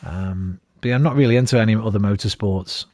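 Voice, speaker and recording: This thirty-something British streamer talks fast in a low, somewhat mellow voice, cursing freely as he rants at his football team mid-game. The recording is dry, yet the background is noisy.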